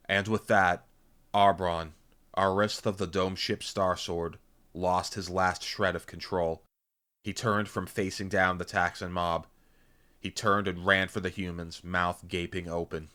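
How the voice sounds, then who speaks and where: A man narrating an action-packed novel in first person, intense and punchy, voicing loud sound effects. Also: sits low, little pitch movement, measured pace. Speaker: audiobook reader.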